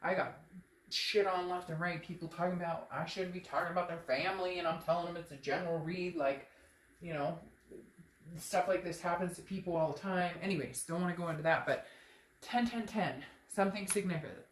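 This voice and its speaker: Woman doing a tarot read, kinda low voice, rambly and blunt, swears a lot, echoey room. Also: brisk, slight background noise. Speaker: tarot reader. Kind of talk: casual tarot reading.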